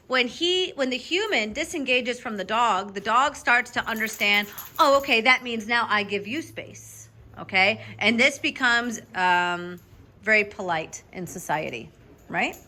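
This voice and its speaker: A woman dog trainer talks a student through a training lesson, brisk and directive, checking in often. Her voice sits a little high and sounds clear and bright. She breaks into lively, high praise for the dog now and then. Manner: upbeat, directive, frequent check-in "okay?". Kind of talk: coaching a student during a live lesson.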